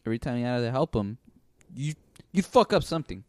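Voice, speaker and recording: A man's voice: mid-range voice, lively intonation, fast, a little mellow. A man co-hosting a casual podcast in an easygoing, agreeable manner. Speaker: podcast co-host. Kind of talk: casual chat.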